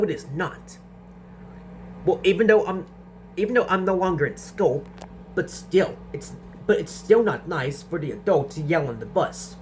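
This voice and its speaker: A young man with a slightly high voice answers viewer questions in a casual vlog. He stumbles, repeats words and restarts his sentences as he goes, over a faint steady hum. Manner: stutters and restarts sentences often.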